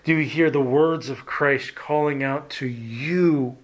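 Male preacher, unhurried sermon delivery, soft trailing phrase endings, direct questions to the congregation. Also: mid-range voice. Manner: slow, deliberate preaching that trails off softly at phrase ends; asks the listeners direct questions.

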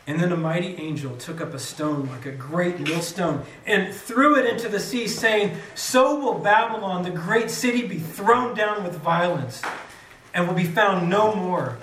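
A man's voice: sits high, unhurried, fairly bright tone, a little hiss or hum. A man preaching a sermon, reading scripture aloud with dramatic rises on the quoted cries. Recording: echoey room, mic from a distance.

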